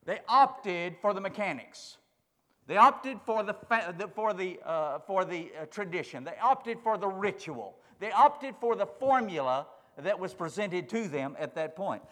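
A man's voice: high-pitched, lively intonation, a little slow, pushed and bright, in a large hall. A male pastor preaching a sermon emphatically, building through repeated phrases.

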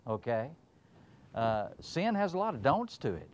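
A male preacher delivering a sermon in a folksy, emphatic way, reading scripture and talking straight to his listeners. His voice sits at a middle pitch. The recording sounds a bit dull and lo-fi. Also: big pitch swings, takes it slowly, long pauses, slight background noise.

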